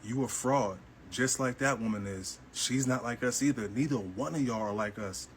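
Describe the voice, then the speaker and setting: A man's voice: medium pitch, moderate pace, a little hiss or hum, poor audio. A man co-hosting a podcast, talking bluntly and dismissively. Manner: blunt, dismissive, direct address. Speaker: podcast co-host. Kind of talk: podcast commentary.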